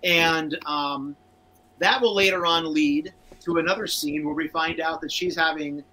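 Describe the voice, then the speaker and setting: A man's voice: fairly high pitch, fairly even intonation, a little slow, bright, forceful tone, rough recording. A man co-hosting a casual cartoon rewatch show, chatting and reading out viewer comments. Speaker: podcast co-host.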